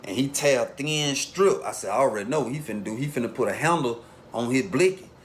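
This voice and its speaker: Guy telling a prison story real laid back, middle pitch, bit of hiss behind. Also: expressive, fast talker. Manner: laid-back street storytelling, acts out quotes. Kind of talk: casual storytelling.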